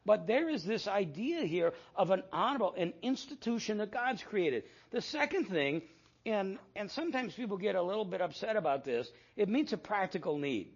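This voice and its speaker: Older male pastor with a raspy, gravelly voice. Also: sits high, very animated, normal speed, dull audio. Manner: storytelling with quoted dialogue, self-deprecating asides. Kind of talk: sermon.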